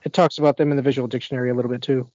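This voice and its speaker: A man answers questions on a podcast panel at a mid pitch, hesitating and thinking aloud between phrases. The audio is dry and slightly dull. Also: level tone, racing, a little mellow, no room sound. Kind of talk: casual chat.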